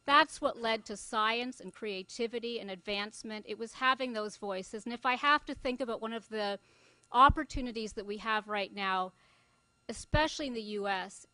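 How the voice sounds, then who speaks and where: A woman's voice: on the high side, pushed and bright, no room sound. A middle-aged woman from Scotland, a journalist giving closing remarks at a conference in a loose, conversational way with fillers. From Scotland (Glasgow). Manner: conversational, thinking aloud with fillers. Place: conference venue.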